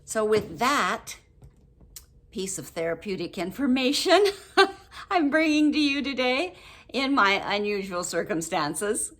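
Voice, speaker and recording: An older woman talking casually to camera about a book, chatty and quick to laugh, acting out example phrases. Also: a little high, big pitch swings, fairly bright tone. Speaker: book review vlogger.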